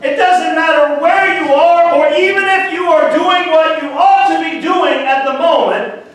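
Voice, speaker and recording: A male pastor preaching a fervent sermon, calling out to the congregation and rising to shouts. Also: very high voice, fairly even intonation, measured pace. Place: church sanctuary. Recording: echoey church hall, far from mic.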